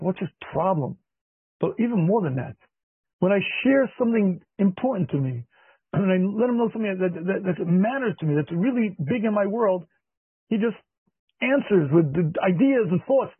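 Husky rabbi lecturing, tinny line. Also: male voice, high voice, no room sound. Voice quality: husky, clears throat often. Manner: emphatic, repeats key phrases, acts out dialogue. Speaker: rabbi teaching a marriage class. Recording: thin phone-like dry sound.

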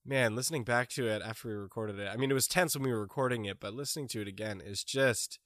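A man's voice: medium pitch, fast, dry recording, studio quality. A man, a regular player on a tabletop podcast, chatting casually and joking. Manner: relaxed, joking, enthusiastic. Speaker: podcast player and former game master. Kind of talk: casual chat.

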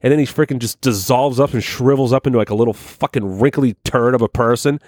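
A man's voice: medium pitch, fast, no echo, clean studio sound. A man co-hosting a podcast, telling a crude, rambling comic story with heavy swearing. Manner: profane, rambling, animated. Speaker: podcast co-host.

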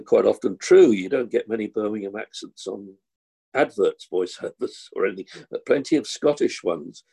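A man's voice: on the low side, creaky, mellow, husky. An older man, chatting as an actor guest and telling rambling anecdotes. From London. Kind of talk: casual interview chat.

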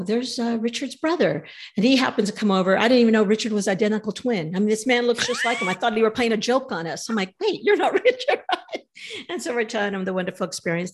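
A woman telling a travel story in a casual, animated way, acting out the voices of the people in it. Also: medium pitch, quick pace.

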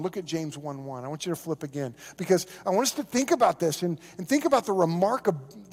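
High-voiced preacher in a reverberant hall. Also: male voice, darkish tone. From Oklahoma. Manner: earnest, repeats words on restarts, acts out quoted voices. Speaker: pastor. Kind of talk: sermon.

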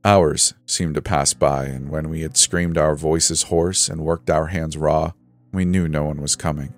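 A man with a very low voice reads a first-person horror story in a steady, measured way that builds suspense. Soft music plays faintly beneath him. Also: no echo.

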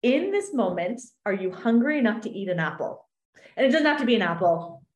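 A woman coach explaining an exercise in an animated podcast chat, acting out little voices in her examples. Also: on the high side, fairly quick. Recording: roomy echo.

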